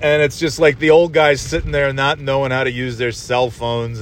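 A man's voice: medium pitch, level tone, moderate pace, few pauses. A man in his forties hosting a casual solo monologue from inside a moving car, rambling, swearing and full of fillers. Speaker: podcast host. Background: faint vehicle hum.

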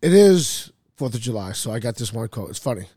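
A man hosting a podcast, chatting casually with friends, animated and swearing, laughing at his own jokes. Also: medium pitch, fairly quick, no room sound, studio quality. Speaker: podcast host. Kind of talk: casual chat.

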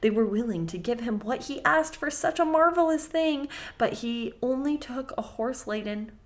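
A woman's voice: on the high side, lively intonation, moderate pace. A woman podcast co-host reads a fairy tale aloud in a mock-formal storybook tone and breaks off for wry, joking asides. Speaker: podcast co-host reading folktales.

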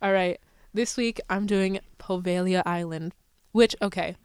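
A woman's voice: on the low side, measured pace, darkish tone, smooth, no echo, studio quality. A woman co-hosting a podcast in casual chat, playful and sarcastic, often laughing. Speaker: podcast co-host.

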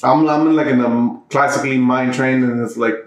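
A man's voice: medium pitch, steady tone, brisk, reverberant, poor audio. A man who works as a bartender, telling a long story in casual chat with lots of restarts and fillers. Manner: rambling, many restarts and fillers. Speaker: bartender, podcast co-host.

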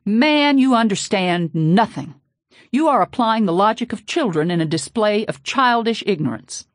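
A woman doing a furious shouting preacher. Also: big pitch swings, fairly quick, slightly rough, no room sound, clean studio sound, exaggerated voice. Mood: enraged. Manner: booming, scornful shouting. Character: stern, furious American preacher man.

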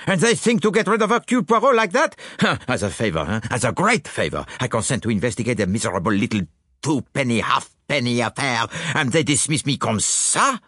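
A man voicing a fussy, proud detective with a French accent, excitable and theatrical, in a dry, close reading. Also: mid-range voice, fairly quick, slightly rough, no echo, voice pushed up. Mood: indignant.

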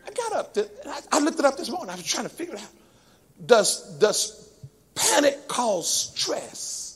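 A man preaches at a church service with a rhythmic cadence, dropping to hushed talk and rising into sung, shouted peaks. His voice sits very high for a man and carries a gravelly, raspy edge. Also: big pitch swings, normal speed. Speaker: pastor. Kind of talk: sermon.

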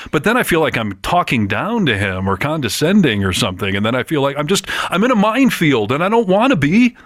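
A man's voice: on the high side, big pitch swings, fast talker, few pauses, a bit bright, no room sound, clean studio sound. A man co-hosting a podcast, asking frank questions in casual chat. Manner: frank, questioning, worried about how he sounds. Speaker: podcast co-host.

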